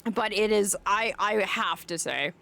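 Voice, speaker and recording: A woman's voice: mid-range voice, unhurried, creaky, bright, forceful tone. A woman streaming a game, chatting casually and rambling to her viewers with endearments. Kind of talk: casual live-stream chat.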